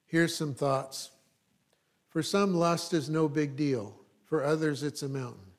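Speaking slowly in a high-ish voice, a middle-aged pastor preaches a sermon. His manner is conversational, full of asides and regular check-ins with the people in the pews.

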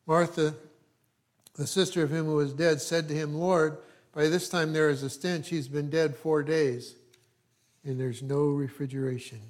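A man preaching, reading scripture aloud with emphasis and breaking off into quiet, conversational asides. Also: fairly high pitch, fairly even intonation, unhurried.

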